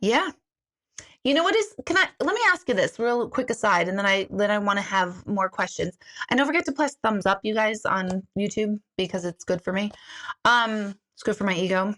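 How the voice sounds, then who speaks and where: A woman's voice: medium pitch, animated, normal speed, pushed and bright. A middle-aged woman hosting a casual livestream from home, rambling and self-mocking as she talks straight to her viewers. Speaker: host of an intuitive reading livestream.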